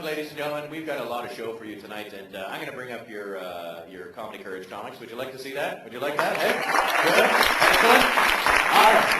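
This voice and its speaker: A man hosting a live stand-up comedy show in a big ballroom, rambling with self-mocking asides. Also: on the high side. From Canada. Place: large hotel ballroom with a live audience. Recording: echoey hall, far from the mic, audience noise.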